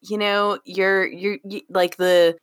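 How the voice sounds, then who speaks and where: A woman from New York, a midwife co-hosting a podcast, talking in a reassuring, animated way in casual chat and laughing often. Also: medium pitch, takes it slowly, smooth. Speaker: co-host, midwife.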